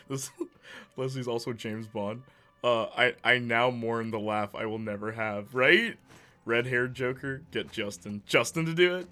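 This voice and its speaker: A man's voice: mid-range voice, pushed and bright. A young man riffing and laughing as a gaming streamer in casual live-stream talk. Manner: jokey, riffing, laughing often.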